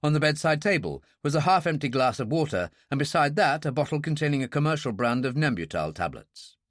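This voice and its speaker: A man narrating a first-person thriller audiobook in a dry, measured, wry way. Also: fairly high pitch, very animated, no echo.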